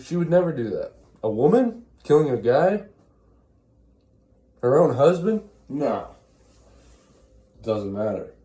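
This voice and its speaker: Crude, skeptical ancient townsfolk brush off a warning in offhand slang, as a man puts them on. The tone is mellow and low-key. It sits in a roomy, echoing space. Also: very animated, takes it slowly, long pauses. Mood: scoffing.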